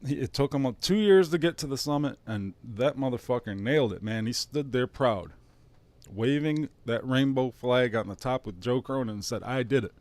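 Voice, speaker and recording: A man's voice: medium pitch, normal speed, darkish tone, no echo. A man in his thirties with a Detroit-area accent, hosting his own stream in a casual, rambling monologue, sarcastic and profane with mock-emotional asides. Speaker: streamer host.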